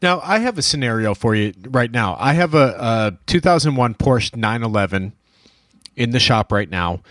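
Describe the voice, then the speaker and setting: A man's voice: medium pitch, lively intonation, moderate pace, a bit bright, dry recording, studio quality. A man who runs a dent repair shop, telling a story in casual shop talk and acting out the dialogue. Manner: storytelling, acts out quoted dialogue. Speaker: dent repair shop owner, show host.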